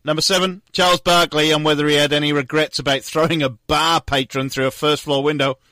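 A man's voice: on the high side, flat delivery, a little fast, sharp tone, no echo. A man co-hosting a podcast, reading out funny quotes in an upbeat casual way. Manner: upbeat, laughs at his own jokes. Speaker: podcast co-host.

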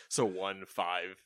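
A man's voice: sits low, fairly bright tone, clear, resonant tone, dry recording, clean studio sound. A man co-hosting a casual gaming news podcast, joking and laughing often as he reads stories. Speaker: co-host reading gaming news.

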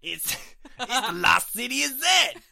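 A man putting on a brash New York guy with a put-on New York accent, counting down a ranking in a loud, laughing, over-the-top manner. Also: very high-pitched, very animated, a little slow, vocal fry, pitched above the performer's own voice, heavily acted. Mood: hammy.

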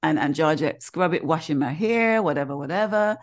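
Woman, podcast co-host, slightly low voice, animated storyteller, casual chat. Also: brisk. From Caribbean.

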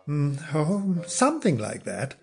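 Man doing a brisk older woman, forceful, rambling, raised voice. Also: a little high, huge pitch swings, vocal fry, husky, faint music behind, heavily acted.

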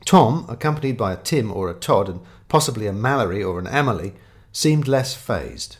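A man's voice: on the low side, lively intonation, normal speed. Dry, wry male narrator. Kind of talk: scripted audiobook narration.

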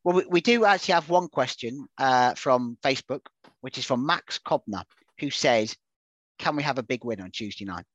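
A man's voice: medium pitch, expressive, moderate pace, a bit bright, no echo, rough recording. Chatty man co-hosting a podcast. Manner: chatty, picky, jokey. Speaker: podcast co-host. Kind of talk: casual chat.

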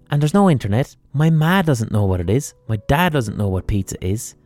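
A man's voice: mid-range voice, sing-song, a little fast, hardly any pauses, a little mellow, no room sound, faint music behind. A man with an Irish accent, likely in his thirties, telling a sweary comic story as a podcast host and animatedly acting out his mother. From Ireland.

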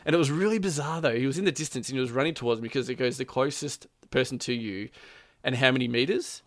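A man's voice: medium pitch, fast talker, dry recording, studio quality. A man casually telling a long story about a game, rambling with plenty of fillers and quoted lines. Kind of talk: casual chat.

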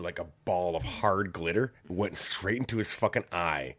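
Podcast host, low-pitched man, lively, swears a lot, acts out voices in a story. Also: moderate pace, hardly any pauses. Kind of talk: casual chat, storytelling.

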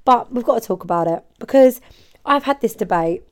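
Bubbly and rambling, a hairdresser-turned-podcast-host chats on her own show and laughs frequently. Her slightly high voice moves fairly quickly with lively intonation.

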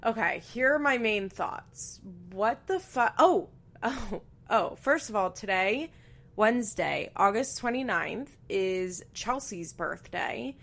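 A woman's voice: mid-range voice, lively intonation, slow pace, a bit bright. A woman hosting a podcast from her bedroom, chatting candidly with frequent asides and swearing. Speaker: podcast host. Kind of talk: casual podcast chat. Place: bedroom at home. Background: fan running.

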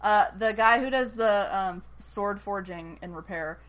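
A woman's voice: mid-range voice, a little slow, fairly bright tone. Chatty, jokey woman podcast host. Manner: chatty and jokey, with playful asides. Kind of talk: casual TV episode recap.

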